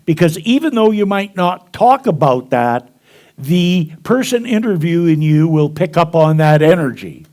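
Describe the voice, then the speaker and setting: A man's voice: a little high, very animated, unhurried, a little mellow. A man preaching a sermon, telling stories to a congregation and acting out the dialogue with chuckles along the way. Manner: storytelling, acts out dialogue, chuckles. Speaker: minister. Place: spiritual center congregation.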